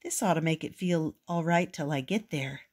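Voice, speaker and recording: A tired grown man in a storybook, weary and plain-spoken. An older woman voices him in a lower, husky, breathy voice. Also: normal speed, a little mellow.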